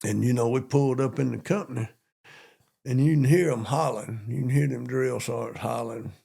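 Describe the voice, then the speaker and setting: A man's voice: medium pitch, brisk, vocal fry, breathy edge. An older man with a Southern accent, a police chief from Georgia, telling army stories in a folksy, repetitive way during an interview. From Monroe, Georgia. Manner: folksy, repetitive, animated retelling. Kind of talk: storytelling in an interview.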